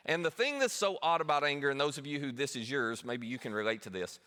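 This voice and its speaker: A man's voice: medium pitch, animated, fast, pushed and bright. A man preaching a sermon as pastor, talking conversationally and poking fun at himself. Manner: conversational, self-deprecating.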